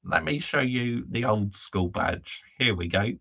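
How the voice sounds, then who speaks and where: A man's voice: mid-range voice, expressive, slow pace, vocal fry, bright, forceful tone. A man hosting a football fan channel, ranting in anger and frustration and swearing as he talks. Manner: angry, exasperated, swearing.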